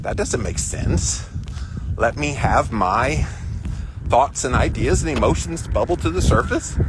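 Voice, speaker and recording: A man hosting a casual live stream while out walking, reading viewer comments and giving his opinions in a chatty way, with outdoor noise behind him. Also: mid-range voice. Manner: chatty, opinionated, stretches out phrases for emphasis. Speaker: host of a weekly walk-and-talk live stream. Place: outdoors on a walk.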